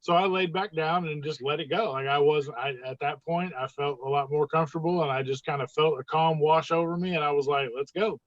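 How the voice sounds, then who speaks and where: Animated storyteller on a dull dry line. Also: mid-range voice, brisk, hardly any pauses, dry recording. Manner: animated, acts out quoted dialogue in raised voices. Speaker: podcast guest. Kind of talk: casual storytelling.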